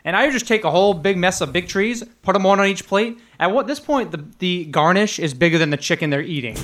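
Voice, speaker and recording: A man's voice: animated, fairly quick, a bit bright. A young man telling restaurant stories in casual chat, laughing often and acting out quotes. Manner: laughing storyteller, acts out quotes in a higher voice.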